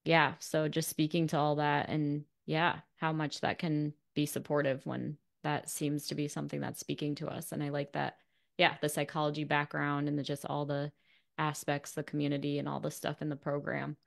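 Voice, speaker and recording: This is a woman hosting a podcast interview in a low voice. She is affirming toward her guest and reflective, thinking aloud as she builds up to her next question. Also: level tone, normal speed, vocal fry. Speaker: podcast host. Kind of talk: interview chat.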